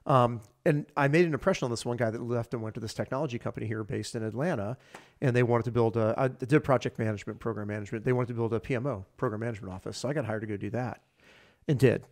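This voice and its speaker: A man's voice: medium pitch, fast, darkish tone. A man in his fifties, a podcast guest, telling his career story in a rambling, casual way with many fillers and restarts.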